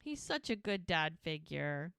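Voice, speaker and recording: A woman's voice: low voice, big pitch swings, measured pace, gravelly, a bit bright, clean tone, dry recording, studio quality. A woman podcast co-host chatting casually, recapping TV scenes and retelling the characters' dialogue in detail. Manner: retells dialogue in detail, acting out the lines in quotes.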